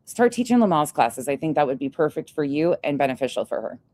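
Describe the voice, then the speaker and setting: Low-voiced woman ranting sarcastically. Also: sing-song, fast talker, darkish tone. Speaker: drama commentary YouTuber. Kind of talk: casual commentary.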